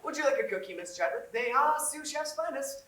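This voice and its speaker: A woman's voice: high voice, lively intonation, fairly quick, fairly bright tone. A woman playing a pompous fussy schoolboy. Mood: bossy, pompous. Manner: theatrical, bossy, wordy. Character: pompous fussy schoolboy student body president. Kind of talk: live stage acting. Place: theater stage. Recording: echoey hall from far off, faint noise.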